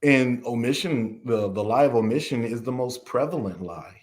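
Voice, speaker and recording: A man's voice: medium pitch, normal speed, darkish tone. A man from the American South, a podcast interview guest, talking at length in a frustrated way and acting out the questions he was asked. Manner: frustrated, long-winded, acts out quoted questions.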